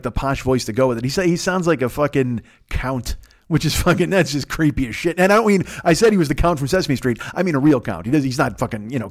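A man with a Chicago accent and a radio voice, hosting a solo comedic podcast rant, rambling and profane with frequent restarts. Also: medium pitch. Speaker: podcast host.

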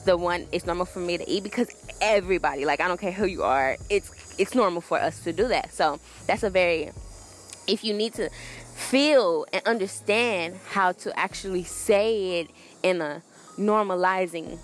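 A woman's voice: lowish voice, normal speed, slight background noise. A young woman hosting a solo podcast, talking in a casual, earnest and rambling way with many fillers and restarts. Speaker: podcast host.

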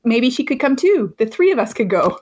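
A woman's voice: on the high side, big pitch swings, fairly quick, a little mellow. A woman from Canada with a Canadian accent, co-hosting a podcast in casual chat and laughing often. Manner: laughs often, giggly and playful. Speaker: podcast co-host.

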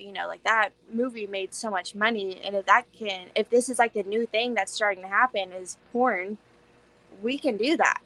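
A woman with a Southern Texas accent co-hosting a podcast in relaxed, chatty conversation. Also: medium pitch, no room sound, poor audio. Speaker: podcast co-host. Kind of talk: casual chat.

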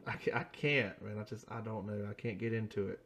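A man's voice: lowish voice, steady tone, fairly quick, a bit bright, slight background noise. A man in his thirties hosting a casual podcast, laid-back and rambling, laughing at his own jokes. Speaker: podcast host.

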